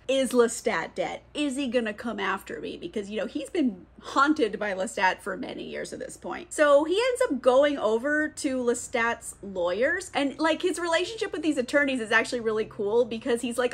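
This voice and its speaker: A woman recapping a TV episode in a chatty, animated way, laughing often and acting out characters' lines. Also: a little high. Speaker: TV recap host. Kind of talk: casual show recap.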